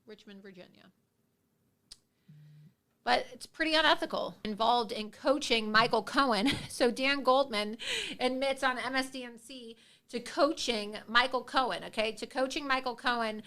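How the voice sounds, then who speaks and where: A woman's voice: on the high side, normal speed, pushed and bright. A woman hosting a livestream of political commentary, speaking in a combative, sarcastic and scornful way. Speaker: host.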